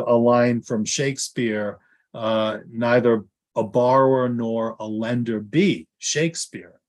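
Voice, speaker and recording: Man, interview guest, actor and lawyer, casual storytelling, rambling, lots of ums and restarts. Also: mid-range voice. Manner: rambling, with many fillers and restarts.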